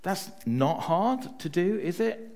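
Lively, chatty male preacher. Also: high voice, slow. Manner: chatty, often adds "right?" to check in with listeners; tells personal stories to make a point. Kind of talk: conversational sermon.

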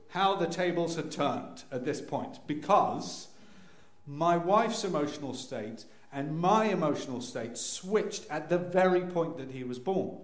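A man telling a humorous personal story to an audience, acting out scenes with sudden loud cries. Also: on the high side. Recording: echoey room.

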